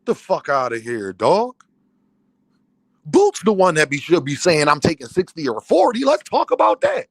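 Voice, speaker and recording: A man's voice: on the high side, very animated, moderate pace, dry recording. A man, a boxing content creator, ranting on a livestream, angry, profane and heated. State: worked up and fuming. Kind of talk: livestream rant.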